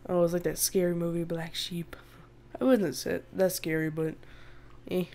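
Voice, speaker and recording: A woman's voice: lowish voice, fairly even intonation, fairly quick, mellow. A woman giving casual, chatty let's-play commentary as she plays a survival game, laughing often and bursting out in exasperation at the animals. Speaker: gaming video host.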